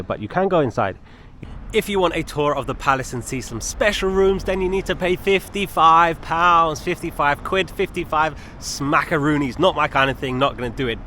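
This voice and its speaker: This travel vlogger has a medium-pitched, fairly bright voice, and a little hiss or hum runs under the recording. Walking outdoors through city streets, he's chatty and enthusiastic, often exclaiming at what catches his eye.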